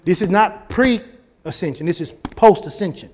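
High-voiced preacher with drawl. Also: male voice, unhurried. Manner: animated preaching, rising to shouts. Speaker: pastor. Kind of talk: sermon.

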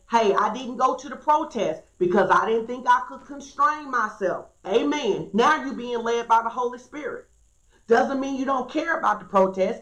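A woman pastor preaching an earnest, emphatic sermon and reading scripture aloud. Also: on the high side. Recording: echoey room.

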